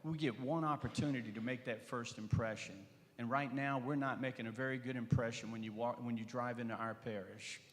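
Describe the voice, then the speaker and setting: A man's voice: mid-range voice, steady tone, brisk, few pauses. An older man making an earnest, emphatic closing campaign statement at a forum. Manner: earnest, emphatic, rising to punchy slogans. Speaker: candidate for parish president. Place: school auditorium. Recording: reverberant auditorium with long echo.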